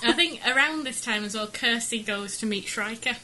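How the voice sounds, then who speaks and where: A woman's voice: a little high, moderate pace, noisy background. A woman co-hosting a podcast, casually recapping a film plot with frequent giggles. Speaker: podcast co-host. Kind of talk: casual film-review chat.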